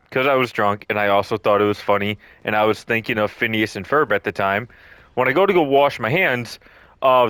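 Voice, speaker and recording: A young man tells a story from his past over game footage, rambling with lots of ums and swearing. His voice sits at an ordinary middle pitch, and the sound is dry and close to the mic. He acts out what people said with quick jumps in his voice. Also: fairly bright tone, dry recording. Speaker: storytelling vlogger. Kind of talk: casual storytime over gameplay.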